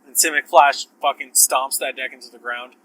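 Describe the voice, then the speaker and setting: A male podcast host with a sore throat speaks at a moderate pace in a mid-range, sharp voice with fairly even intonation. The audio is poor, with slight background noise, as he talks casually in a rambling, profane solo way, interrupting himself.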